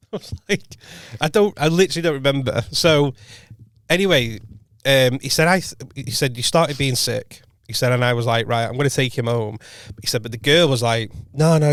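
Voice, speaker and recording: A man tells a long story on a podcast in a loose, chatty way, correcting himself as he goes and dropping his voice low for quoted lines. His voice sits at an ordinary pitch. The studio mic is close and dry, with no room sound. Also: very animated, moderate pace, dry recording. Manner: rambling anecdote, frequent self-corrections and quoted dialogue. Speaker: podcast co-host and comedian. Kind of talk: casual storytelling chat.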